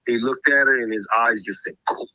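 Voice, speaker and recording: A man hosting a show tells a story in a loose, lively way, putting on the voices of the people in it. His pitch sits in the middle and he talks fairly fast. The recording is dry, with the high frequencies cut off.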